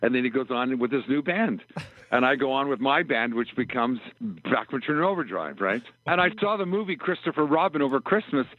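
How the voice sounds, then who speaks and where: An older man from Canada tells long rambling stories as a guest, acting out both sides of old conversations. His voice sits at an ordinary middle pitch. It comes through a tinny, dry phone line. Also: lively intonation, fairly quick, dry recording. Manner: rambling anecdotal storyteller, acts out dialogue. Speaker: guest musician. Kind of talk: storytelling interview over the phone. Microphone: telephone.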